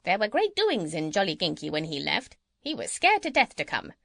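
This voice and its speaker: A woman's voice: lowish voice, moderate pace, vocal fry, no room sound, studio quality, full character voice. A woman reading an audiobook and voicing a chatty, gossipy female parrot. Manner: lively, chattering storytelling. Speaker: audiobook reader. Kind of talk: children's audiobook character reading.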